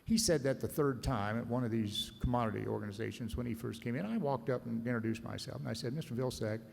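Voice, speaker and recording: A man's voice: mid-range voice, fast, gravelly, a little mellow. A man, an agricultural lawyer, giving a blunt, combative, sardonic conference speech to a room of listeners. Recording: reverberant conference hall.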